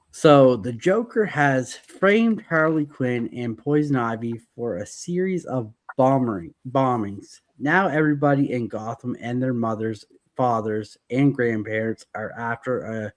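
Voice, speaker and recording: A man hosting a podcast in casual chat, reading out a comic summary with jokey asides. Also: medium pitch. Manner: jokey, hands off turns. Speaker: podcast host.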